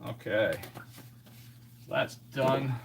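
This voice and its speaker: A man chatting casually on a live stream while fixing a snack in his home kitchen, thinking out loud as he works. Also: medium pitch, very slow, gravelly, background noise.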